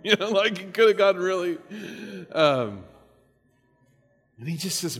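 A pastor preaching a sermon, conversational and dynamic, with rhetorical questions and humor. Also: male voice, sits high, big pitch swings, a little slow, long pauses, fairly bright tone, big-room sound.

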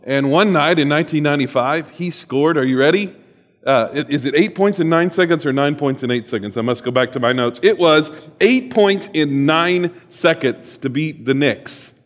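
Man, pastor, sermon, animated, joking asides, slightly high voice, long hall echo. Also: moderate pace. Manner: animated and humorous, with sudden loud bursts and soft asides.

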